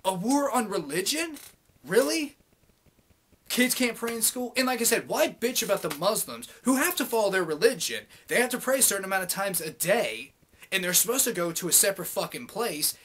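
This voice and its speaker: A man's voice: high-pitched, fairly bright tone, a little hiss or hum. A young man venting in a casual, heavily profane rant to his camera, heated and sarcastic. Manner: swears constantly, heated and sarcastic. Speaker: vlogger.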